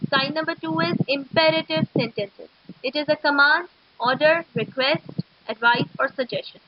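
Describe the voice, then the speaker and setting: A woman teaching an English grammar lesson to schoolchildren, explaining slowly and methodically. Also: high-pitched. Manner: slow, explanatory, steady and methodical. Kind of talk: recorded classroom lecture. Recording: dull lo-fi recording.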